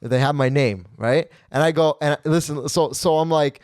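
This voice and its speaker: Man, comedian host, casual storytelling, profane, rambling, higher voice, dry close sound. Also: quick pace, darkish tone, smooth, no echo. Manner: profane, rambling, repeats "okay?" and "right?".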